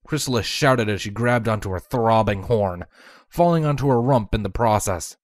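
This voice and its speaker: A woman's voice: a bass voice, expressive, moderate pace, dry recording, clean studio sound. A woman narrating a fan-fiction story aloud, reading expressively and voicing every character.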